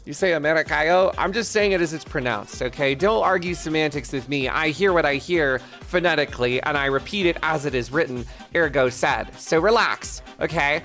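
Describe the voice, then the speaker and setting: A man's voice: a little high, bright, forceful tone. A man streaming live, chatting casually with viewers in a rambling, self-mocking, profane way, with faint music behind. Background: faint music playlist.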